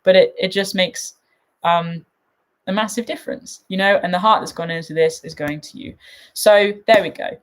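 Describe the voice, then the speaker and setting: A woman's voice: on the low side, moderate pace. A woman hosting a live chat, open and emotional, often laughing between her words. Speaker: host.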